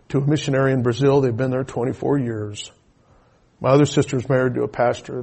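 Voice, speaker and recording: A middle-aged man, a pastor, preaching a sermon with personal testimony and moving from quiet storytelling to shouted preaching. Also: medium pitch, gravelly, breathy edge.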